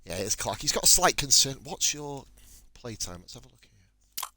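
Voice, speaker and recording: A man's voice: mid-range voice, big pitch swings, normal speed, sharp tone. A young man giving casual, profanity-laced commentary while playing a game, chatting and muttering to himself. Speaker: gaming channel host.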